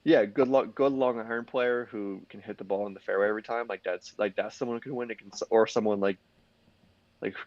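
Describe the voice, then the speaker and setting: In relaxed sports chat on his podcast, a young co-host meanders, restarts often and says "like" constantly. His lowish, slightly mellow voice has fairly even intonation and moves a little fast. The muffled recording carries no room sound.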